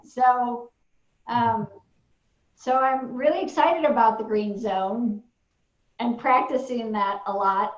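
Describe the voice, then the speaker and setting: A woman's voice: fairly high pitch, slow pace, pauses often, muffled recording. Candid rambling woman on a roomy call. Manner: candid, rambling, self-deprecating, with many fillers. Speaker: training participant and parent. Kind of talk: candid sharing in a group call.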